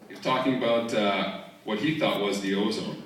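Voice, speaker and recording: A man's voice: fairly low pitch, moderate pace. A man doing a stand-up comedy set on a theater stage, talking in a sarcastic, conversational way. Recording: roomy, distant audience recording.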